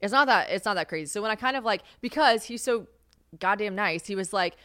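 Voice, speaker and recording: A woman's voice: medium pitch, lively intonation, brisk, sharp tone, no room sound, clean studio sound. A young woman hosting a podcast, telling stories in casual solo chat, self-mocking and swearing freely with lots of "like". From United States. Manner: chatty and self-mocking, heavy use of "like", swears freely, laughs often. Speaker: podcast host.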